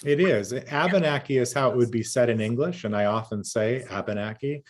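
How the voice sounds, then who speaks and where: A man who is a storyteller, telling a traditional tale and answering questions in a rhythmic, measured way over a video call. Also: medium pitch. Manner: rhythmic, measured, lingers on native words.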